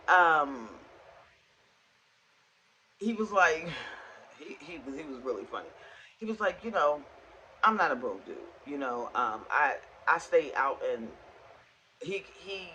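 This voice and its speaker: A woman vlogger telling a casual, animated story in a rant, acting out both sides of a conversation. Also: low-pitched, slight background noise, low-quality recording.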